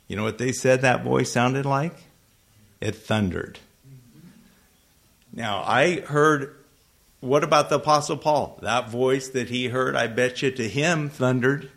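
A man preaching to a congregation, talking to them conversationally and asking them questions, with sudden loud emphasis and frequent self-corrections. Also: mid-range voice, creaky. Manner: restarts and self-corrections when tongue-tied. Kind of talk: sermon. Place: church hall with a congregation.

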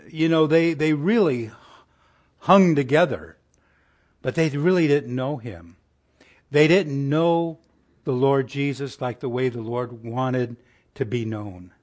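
A man preaching a conversational sermon in a folksy way, asking his listeners rhetorical questions and sinking to a soft, hushed tone for tender passages. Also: mid-range voice, measured pace.

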